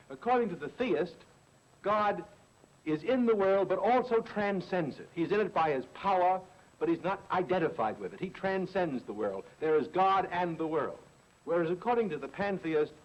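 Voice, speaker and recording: A middle-aged man, a philosopher and teacher, giving a deliberate, emphatic lecture with repeated stresses on key words. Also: on the high side, poor audio.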